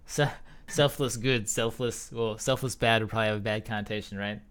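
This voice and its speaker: A man's voice: fairly low pitch, steady tone, a little fast, a bit bright. A man casting an esports tournament in casual, jokey chat, rambling and restarting his sentences. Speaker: esports caster.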